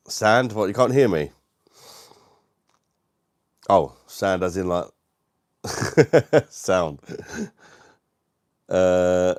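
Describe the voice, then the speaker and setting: A British man with a low, deep voice chats easily with his live-stream viewers from home. He is relaxed and quick to laugh. The sound is dry and close, with no room echo. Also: smooth. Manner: laid-back, laughs often, says mate a lot. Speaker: livestream host. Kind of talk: casual live-stream chat reading viewer comments.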